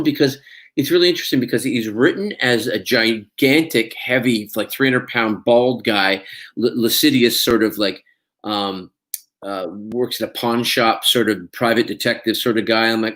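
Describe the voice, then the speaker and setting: A man's voice: mid-range voice, normal speed, fairly bright tone. A man, an actor being interviewed, talking casually and rambling with many restarts.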